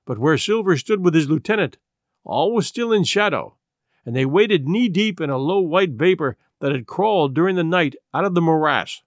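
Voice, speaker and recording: A man narrating an adventure novel in expressive scripted storytelling. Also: a little high, normal speed, no room sound, studio quality. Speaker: audiobook narrator.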